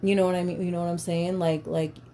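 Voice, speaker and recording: Woman podcast host with a mellow voice and faint background noise, talking candidly and casually. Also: on the low side, little pitch movement, quick pace. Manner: candid, profane, filler-heavy. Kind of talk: casual chat.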